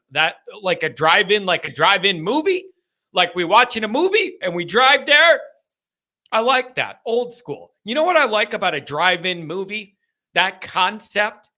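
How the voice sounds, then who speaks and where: A man hosting a live fan call-in show, animated and emphatic, often repeating phrases for effect. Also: high voice.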